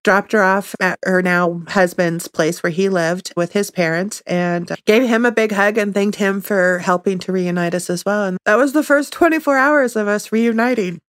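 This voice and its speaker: A woman's voice: medium pitch, moderate pace, few pauses. Tearful woman telling a personal story. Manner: emotional, animated retelling. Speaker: guest, mother.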